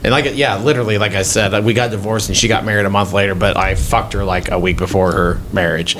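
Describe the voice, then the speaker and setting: Low-voiced man telling an animated story. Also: fast talker, slight background noise. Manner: animated storyteller, acts out quotes. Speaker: podcast co-host. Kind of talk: casual chat.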